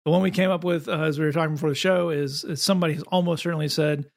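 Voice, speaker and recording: Brief: wry Southern co-host with a gravelly, fast-running voice. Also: male voice, a little high, steady tone. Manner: quick, wry, with frequent restarts. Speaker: podcast co-host. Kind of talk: casual comedic chat.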